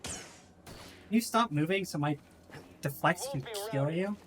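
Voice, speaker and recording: A woman's voice: fairly low pitch, lively intonation, unhurried. A woman streamer chatting casually to her viewers while gaming, swearing freely and laughing often. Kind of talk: casual live-stream chat.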